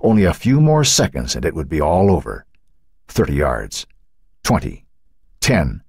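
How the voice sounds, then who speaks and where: A man with a deep, husky voice narrates a novel in a dramatic, suspenseful manner. His pitch moves widely as the tension builds. The sound is dry and close. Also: huge pitch swings, measured pace, a little mellow, dry recording. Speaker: audiobook narrator. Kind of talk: scripted audiobook narration.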